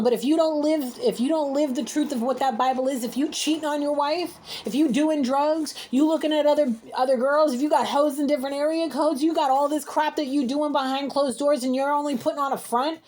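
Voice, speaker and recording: High-voiced woman in a fiery scolding reading. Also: fairly even intonation, brisk, few pauses, a little mellow. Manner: emphatic, scolding, repetitive rants. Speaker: intuitive card reader. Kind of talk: heated spiritual card reading.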